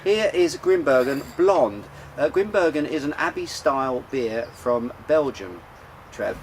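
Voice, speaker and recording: A man's voice: a little high, expressive, measured pace, a little hiss or hum, poor audio. A man hosting a casual beer show outdoors, talking in a rambling, chatty way with lots of fillers and restarts. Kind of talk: casual chat about beer. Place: outdoors in sunshine.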